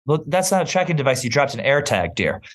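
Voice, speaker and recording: A man co-hosting a podcast in casual chat, playful and teasing in quick banter. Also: mid-range voice, very animated. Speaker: podcast co-host.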